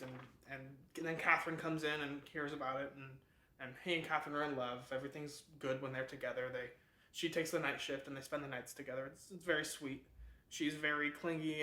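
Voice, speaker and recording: A man hosting a book club gives a loose, rambling summary. His voice is bright and a little high. The room has a lot of echo. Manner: rambling, lots of fillers and restarts.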